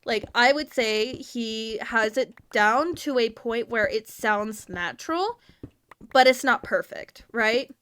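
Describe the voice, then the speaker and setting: A woman's voice: a little high, slow pace, a bit bright, smooth. A woman from the American South with a Southern accent, rambling casually to her stream chat and laughing often.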